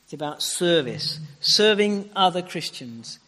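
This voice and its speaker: A man preaching a sermon with emphatic, repeated phrases and sharp rises and falls. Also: sits high, animated, unhurried, big-room sound.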